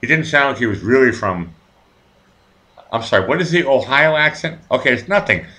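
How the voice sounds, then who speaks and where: A man hosts a live talk stream in a bright, tense voice, and his pitch swings widely. He rambles, stammers on fillers and throws in crude jokes. The pace is loose and chatty. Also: lively intonation, brisk. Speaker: live show host. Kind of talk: casual live chat.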